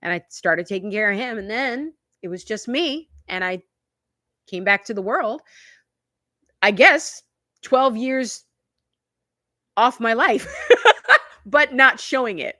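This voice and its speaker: A woman's voice: on the high side, expressive, slow, pauses often, sharp tone, dry recording, clean studio sound. A woman in her fifties hosting a casual live-stream chat, telling stories in a confiding, chatty way and laughing often. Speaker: YouTube channel host.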